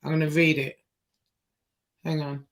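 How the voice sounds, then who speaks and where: Woman host, livestream chat, unhurried delivery, hesitant, many fillers. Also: deep voice, little pitch movement. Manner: halting, many fillers and pauses; slow-paced, reads messages aloud. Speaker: show host. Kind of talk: livestream interview.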